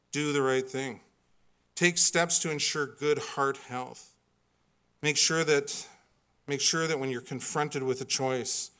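A man preaching a sermon with lively delivery, reading scripture and acting out the characters in it. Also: fairly high pitch, clear, resonant tone. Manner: animated preaching, acts out scripture voices. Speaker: pastor.

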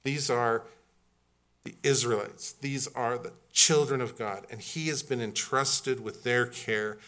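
A man's voice: medium pitch, steady tone, unhurried, a bit bright. A man preaching a sermon in a conversational, humorous and emphatic way. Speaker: pastor.

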